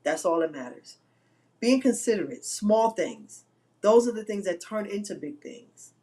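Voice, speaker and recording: A woman hosts an inspirational live-stream talk. She tells her story in an animated, emphatic way and leans on repeated phrases. Her voice sits at a middle pitch. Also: unhurried.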